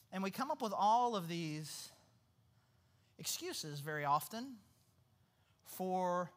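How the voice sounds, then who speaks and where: A man's voice: sits high, fairly bright tone. A man preaching a sermon in a loose, conversational manner. He drifts into a casual, everyday voice when acting out quotes. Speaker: pastor.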